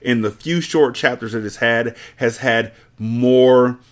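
A man's voice: mid-range voice, takes it slowly. A man hosting a podcast, reading a novel aloud and breaking off for blunt, profane commentary. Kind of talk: casual read-aloud with commentary.

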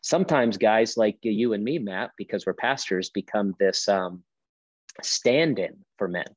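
A man's voice: fairly low pitch, unhurried, no room sound, low-quality recording. A man speaking as a pastor on a podcast, emphatic and preacherly, driving his point with rhetorical questions. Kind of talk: podcast conversation.

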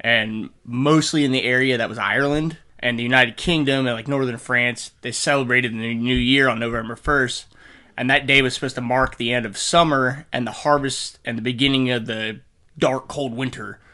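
A man's voice: mid-range voice, fairly even intonation, normal speed, pushed and bright. A man co-hosting a podcast in casual chat, loose and jokey, with many fillers and frequent laughs. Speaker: podcast co-host.

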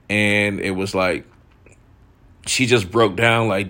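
His voice sits on the low side, with a fairly bright tone and a slightly slow delivery. The host, a man in his thirties, gives a candid and reflective personal monologue, peppered with profanity and frequent "like"s.

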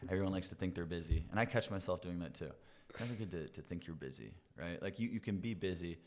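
A man's voice: low voice, quick pace. A man hosting a podcast, chatting casually in an upbeat, motivational way about mindset. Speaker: podcast host. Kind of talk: casual chat.

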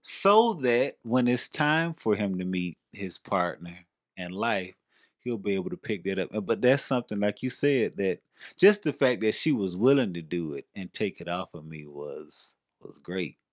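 A man with a Southern accent, co-hosting a casual podcast chat with his wife and telling stories with lively quoted voices. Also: deep voice, a little slow, dry recording, clean studio sound. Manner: animated storyteller, acts out quoted voices. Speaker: podcast co-host.

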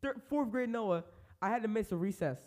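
High-voiced young man telling stories. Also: a little fast. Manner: animated storytelling with slang. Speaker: podcast co-host. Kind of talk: casual chat.

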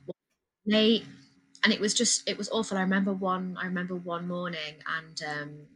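Young woman, supportive casual chat, bright voice, lowish pitch. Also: little pitch movement, a little fast, husky, poor audio. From Nottingham area, England.

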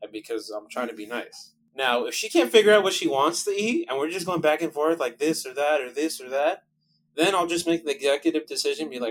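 A man's voice: fairly high pitch, animated, a little fast, a little hiss or hum, low-quality recording. A man guest in casual podcast chat, rambling and laughing often.

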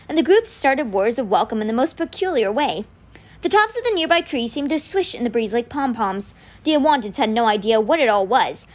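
A woman reading a novel aloud for a podcast, telling the story expressively. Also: on the high side. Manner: expressive storytelling with quoted lines read in. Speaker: podcast book reader.

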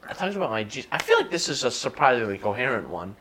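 A man's voice: medium pitch, big pitch swings, quick pace, a bit bright. A drunk man in casual podcast chat, rambling loosely and swearing freely. Faint background noise sits under his voice. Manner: rambling and profane. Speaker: podcast co-host.

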